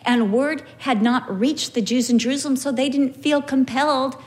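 A middle-aged woman teaching from the Bible in a conversational way, telling lively stories and acting out the people in them. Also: sits high, moderate pace. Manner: animated storytelling, acts out quoted people.

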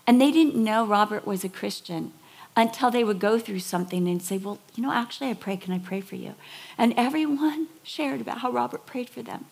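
A woman preaching a sermon, telling a personal story with lively acted-out quotes and soft whispered emphasis. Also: fairly high pitch, gravelly.

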